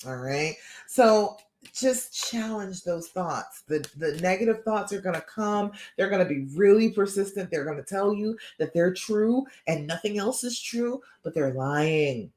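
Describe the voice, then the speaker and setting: A woman's voice: medium pitch, lively intonation, unhurried, a little mellow, reverberant. A woman relationship coach gives a live-streamed talk. She sounds tired and keeps checking in with listeners with "okay?" and "all right?".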